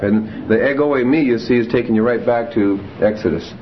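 A man teaching a Greek grammar class, reading Greek examples slowly and then explaining them with fillers. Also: medium pitch. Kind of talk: classroom lecture. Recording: dull lo-fi classroom tape, faint hiss.

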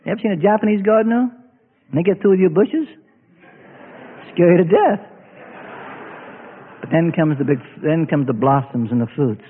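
A man preaching a sermon in an animated, dramatic way. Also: fairly high pitch, moderate pace, pauses often, slightly rough. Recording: tinny, echoey hall recording.

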